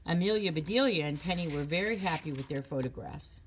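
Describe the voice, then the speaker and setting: A woman narrating a children's chapter book in a clear, steady storytelling manner. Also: low voice, fairly quick, a little hiss or hum.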